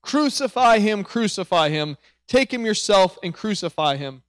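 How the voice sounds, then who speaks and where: A man reading the part of an angry crowd of priests who insistently cry for an execution. The voice is high for a man, with a dry, close sound. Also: animated, normal speed, dry recording. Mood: shouting.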